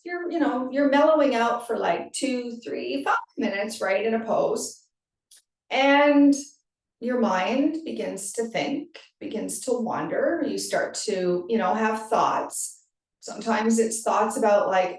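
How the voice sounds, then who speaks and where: A woman's voice: on the high side, measured pace. A woman yoga teacher hosting a podcast, talking casually and often checking in with "right?". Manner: conversational, frequent "right?" and "like". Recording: very echoey room, distant from mic.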